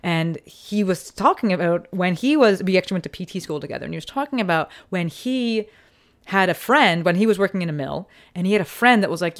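A woman's voice: fairly low pitch, animated, brisk. A woman hosting a podcast and talking casually and earnestly, with the occasional swear word. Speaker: podcast host; physical therapist.

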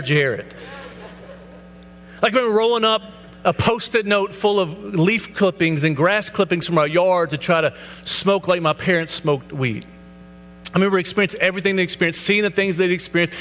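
High-voiced pastor in a reverberant hall. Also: male voice, a bit bright. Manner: earnest storytelling with quoted dialogue. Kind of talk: personal testimony sermon. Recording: hall reverb, faint hum.

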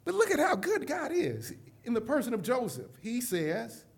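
High, animated male preacher. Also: normal speed, creaky, husky. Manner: emphatic preaching that swells from hushed asides to loud calls; addresses the audience directly, repeating "listen carefully". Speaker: keynote preacher. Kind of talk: sermon. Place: conference session before a live audience.

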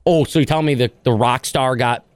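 A man's voice: mid-range voice, brisk, dry recording. A man co-hosting a podcast in laid-back, casual banter. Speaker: podcast co-host. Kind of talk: casual chat.

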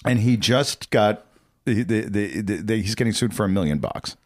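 A man co-hosting a podcast in casual chat, animated and reading headlines with mock drama. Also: on the low side, normal speed. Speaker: podcast co-host.

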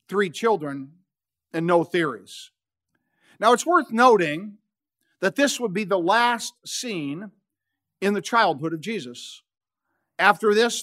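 A man in his sixties, a pastor preaching a sermon, telling the story with dramatic pauses and touches of humor. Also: sits high, animated, fairly bright tone.

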